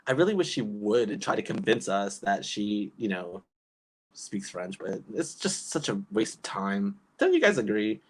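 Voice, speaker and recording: A young man talks through a casual livestream, reacting to viewer comments as they come in. His pitch moves a lot, and his speech is loose and chatty, full of fillers and false starts. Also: normal speed, husky. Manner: chatty, animated, lots of fillers and restarts. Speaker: YouTube commentary host.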